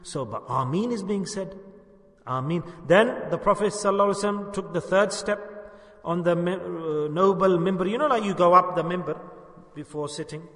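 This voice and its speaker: A man's voice: high-pitched, fairly quick, a bit bright, big-room sound. A man giving an earnest sermon as a religious teacher, repeating phrases for emphasis and putting questions to his listeners.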